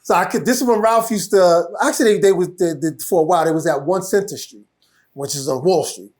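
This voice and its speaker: Animated New man telling stories. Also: sits high, fast talker. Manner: animated, laughing, many restarts. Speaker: guest. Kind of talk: casual storytelling.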